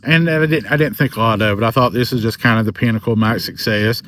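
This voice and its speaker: A man in his forties with a thick Southern drawl, talking slowly and earnestly to camera about his faith and his channel. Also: mid-range voice, fairly bright tone, a little hiss or hum. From American South. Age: 40s. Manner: slow, earnest, faith-filled. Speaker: paranormal content creator. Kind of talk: personal testimony to camera.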